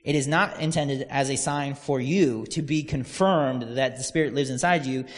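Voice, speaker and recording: A man preaching in a relaxed, conversational way, slipping into little acted-out voices as he tells a story. His voice sits at an ordinary middle pitch, and long reverb trails each phrase in the church hall. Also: normal speed. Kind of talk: casual sermon.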